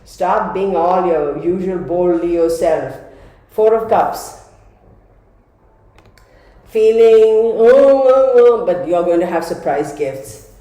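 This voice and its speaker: A woman's voice: on the low side, expressive, slow, long pauses, warm tone. Chatty woman reading tarot, echoey room. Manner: chatty, laughing, talks straight to viewers. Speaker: tarot reader. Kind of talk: casual spoken tarot reading.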